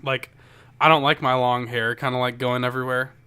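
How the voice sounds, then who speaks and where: Casual podcast co-host, man, bright tone, loose rambling delivery with swearing. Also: medium pitch, little pitch movement, fairly quick, clean tone. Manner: rambling, profane storytelling with lots of fillers. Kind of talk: casual chat.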